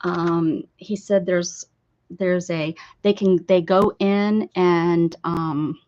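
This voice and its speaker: A woman's voice: fairly low pitch, fairly even intonation, drawn-out words, darkish tone. Chatty American woman live-streaming. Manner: chatty, rambling, laughs often and reads viewer comments aloud. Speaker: art streamer chatting with viewers. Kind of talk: casual live-stream chat. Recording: slightly dull lo-fi stream audio.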